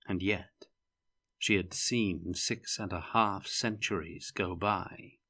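A man reading a fantasy novel aloud in measured scripted narration. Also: sits low, steady tone, sharp tone. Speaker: audiobook reader.

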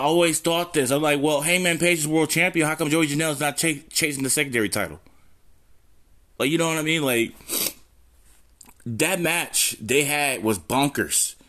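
A man's voice: mid-range voice, a bit bright. Rambling, profane man on a phone mic. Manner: profane, rambling, self-interrupting. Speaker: podcast host. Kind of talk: casual solo podcast rambling. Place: room at home.

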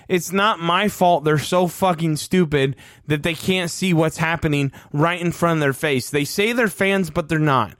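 A man's voice: on the high side, normal speed, hardly any pauses, fairly bright tone, no echo, clean studio sound. A man in his thirties ranting on a fan sports podcast, profane and heated. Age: 30s. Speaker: podcast co-host.

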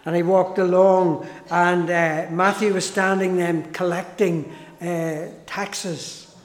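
Slow, high-voiced preacher in an echoey hall. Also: male voice, level tone. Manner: slow, emphatic preaching with repeated phrases and restarts. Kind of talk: sermon. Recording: echoey hall with long reverb.

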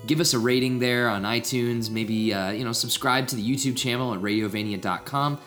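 A man's voice: medium pitch, fairly even intonation, brisk, fairly bright tone, faint music behind. A young man hosting a casual podcast, chatty and laid-back, rambling a little. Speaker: podcast host.

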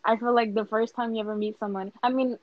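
A woman's voice: fairly high pitch, fairly even intonation, fast, dry recording. Chatty young woman, muffled audio. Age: young adult. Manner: chatty, hedging, lots of fillers. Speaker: friend asking questions. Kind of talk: casual chat.

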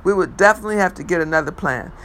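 A man reads a first-person novel aloud, steady and measured, now and then tripping over a word and restarting. His voice is bright and fairly high for a man. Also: poor audio. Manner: measured first-person storytelling with occasional stumbles. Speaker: reader.

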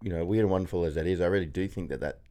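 A man, telling stories in a relaxed podcast chat and laughing often. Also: low voice, very fast. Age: 40s. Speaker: podcast host. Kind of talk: casual chat.

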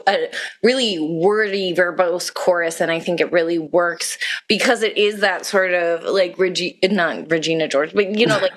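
A woman's voice: lowish voice, fairly bright tone. A woman co-hosting a podcast, chatting casually about an album with lots of "like" fillers. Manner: talkative, many "like" fillers. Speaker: podcast co-host. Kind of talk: casual chat reviewing an album.

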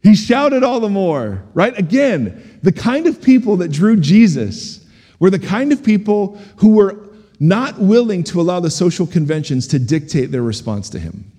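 Middle-aged male pastor, lively sermon voice, mellow tone, long reverb of a church hall. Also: high voice, moderate pace, husky. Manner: animated, humorous, asks the congregation questions.

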